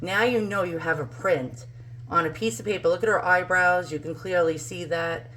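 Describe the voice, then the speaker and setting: A woman's voice: lowish voice, normal speed, fairly bright tone, slight background noise. A woman with a New York accent casually demonstrating up close on camera and talking as she goes, often repeating words for emphasis. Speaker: antiques channel host. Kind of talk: casual show-and-tell demonstration.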